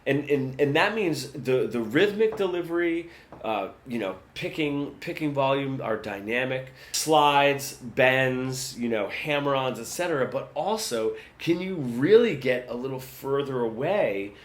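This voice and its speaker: A man teaching guitar in a relaxed, conversational lesson, often checking in with "right?". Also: mid-range voice, unhurried. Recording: roomy sound with guitar.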